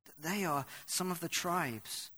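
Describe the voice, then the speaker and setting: A man preaching a sermon, reading scripture aloud and explaining it, swinging from hushed to loud. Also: fairly high pitch, unhurried, slightly rough.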